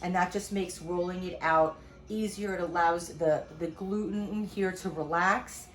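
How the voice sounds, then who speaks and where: A woman's voice: lowish voice, steady tone, unhurried. A middle-aged woman chef giving a casual home cooking demonstration, chatty and rambling, full of asides. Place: home kitchen.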